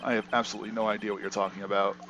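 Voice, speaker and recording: A man's voice: on the low side, flat delivery, very fast, fairly bright tone, slight background noise. A man voices a young male lawyer who is half asleep and confused. The delivery is dry and puzzled. It stays close to an ordinary speaking voice in a fan game dub.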